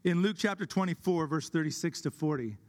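A man delivers a sermon from the pulpit, earnest and deliberate, stretching out his key words. His voice sits a little higher than most men's. The long reverb of a church hall trails after every phrase. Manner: earnest, slows down for emphasis. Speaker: pastor.

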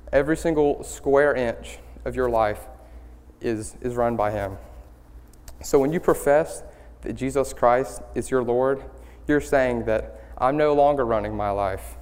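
A young man giving a student-led sermon, earnest and halting, with many ums and restarts. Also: medium pitch, darkish tone, clear, resonant tone. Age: young adult. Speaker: student speaker leading worship. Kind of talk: church sermon. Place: church sanctuary. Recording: hall reverb in a church.

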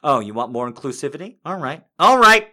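A man's voice: a little high, sing-song, a little fast, heavily acted. A man voicing a smug, gloating male corporate boss who taunts his critics. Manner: taunting, shouty.

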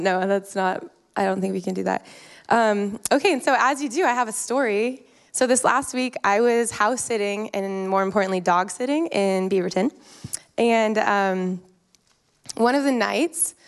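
A young woman gives a relaxed, conversational sermon. Her voice is smooth and clear at a middle pitch, and she rambles warmly through stories with frequent fillers and asides. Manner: chatty, self-deprecating, lots of ums and likes. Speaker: youth speaker. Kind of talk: informal sermon with prayer and personal story.

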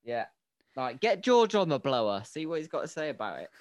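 A man's voice: fairly high pitch, big pitch swings, a little fast, no echo. A man co-hosting a casual film podcast, jokey and crude in his banter. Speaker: podcast co-host. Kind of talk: casual film review chat.

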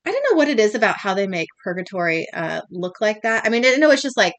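A woman's voice: medium pitch, big pitch swings, fast. A woman giving a chatty, frank recap of a TV episode, swearing casually as she goes.

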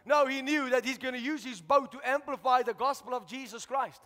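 A man preaching a sermon as pastor, shouting out to the congregation and asking for responses. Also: very high-pitched, fairly quick, soft background music. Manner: preaching with rising shouts and call-outs to the congregation. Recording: long hall reverb.

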